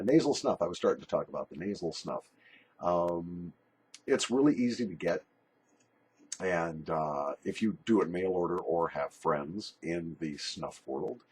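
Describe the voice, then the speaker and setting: A man's voice: low-pitched, a little mellow, slight background noise. An older man recording a casual video letter as a pipe and snuff YouTuber, jokey, rambling and a little bawdy.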